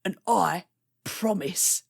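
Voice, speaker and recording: A woman's voice: lowish voice, slow pace, vocal fry, breathy edge, exaggerated voice. A woman playing a boastful, rambling raven lad in a put-on Cockney accent who keeps saying "innit". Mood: earnest.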